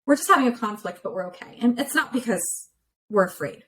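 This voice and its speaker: A relationship therapist, a woman appearing as a guest, talks a little fast at a mid-range pitch, clearly explaining ideas one step at a time in a relaxed interview conversation held remotely. She backs up her points with lots of familiar examples. Audio quality is poor.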